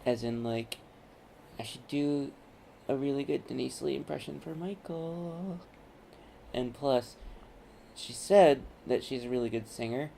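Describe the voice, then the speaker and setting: A young adult man vlogs in a loose, meandering way, backtracking and restating his points. His voice sits at an ordinary middle pitch, with a faint hiss of noise underneath. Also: measured pace, vocal fry, pauses often, mellow. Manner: rambling, repeats and corrects himself. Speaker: vlogger. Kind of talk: casual rambling monologue. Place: college campus, indoors.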